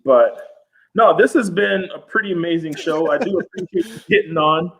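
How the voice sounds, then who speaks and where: A man in casual podcast chat, an animated storyteller who swears freely and acts out quotes in raised voices. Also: on the high side, normal speed, gravelly, slightly rough, poor audio.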